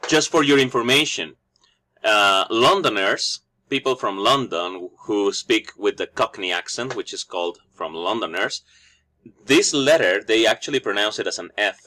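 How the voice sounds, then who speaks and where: A man's voice: fairly low pitch, lively intonation, normal speed, sharp tone. A man whose first language is Spanish teaches English phonetics, explaining each sound and repeating every example word after the audio.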